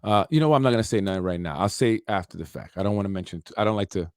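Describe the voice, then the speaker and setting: A man's voice: lowish voice, rapid-fire, darkish tone, dry recording, clean studio sound. A man hosting a political podcast, ranting in unscripted commentary with street slang, many fillers and repeated words.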